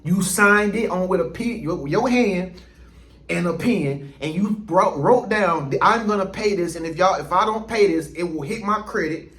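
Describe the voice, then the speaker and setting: A man talks straight to his viewers in a loose, rambling vlog, full of restarts and quoted asides. His voice sits high for a man. The room around him rings with noticeable echo. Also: normal speed, fairly bright tone. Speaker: vlogger. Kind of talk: casual monologue to camera.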